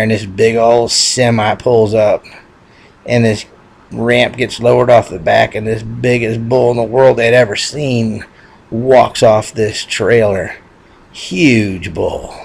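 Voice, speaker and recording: A man tells a folksy joke in a loose, rambling way, often correcting himself. His voice has a gravelly fry and a raspy, husky edge. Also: medium pitch, steady tone, takes it slowly, a little mellow. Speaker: joke teller, channel host. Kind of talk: casual joke telling.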